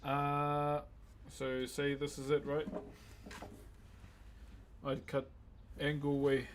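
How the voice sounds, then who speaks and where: A man's voice: fairly high pitch, completely flat delivery, very slow, slight background noise. A man who carves wood on a live stream, chatting in a laid-back way and calling viewers "bro". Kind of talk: casual live-stream chat.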